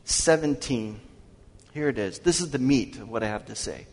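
A man preaching a sermon as pastor, asking his congregation questions and slowing down to read scripture aloud. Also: mid-range voice, expressive, breathy edge. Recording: long hall reverb.

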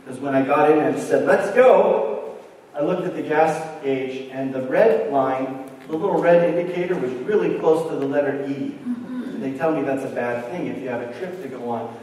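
Animated preacher man in an echoey hall. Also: mid-range voice, moderate pace, a little hiss or hum. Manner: animated storyteller, acts out dialogue. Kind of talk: storytelling sermon. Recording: echoey hall recorded from far off.

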